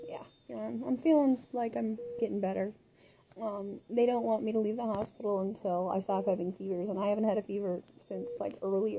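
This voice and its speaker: A woman's voice: mid-range voice, dark tone, a little hiss or hum. A woman in her thirties vlogging from a hospital room, talking angrily and swearing as she vents. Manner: angry and profane, venting. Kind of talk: casual vlog from a hospital bed. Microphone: phone camera.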